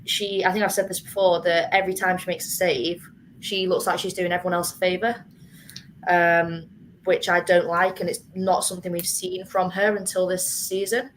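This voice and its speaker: A woman's voice: on the low side, flat delivery, moderate pace, a little hiss or hum, low-quality recording. A woman, a fan panelist giving frank opinions in casual chat.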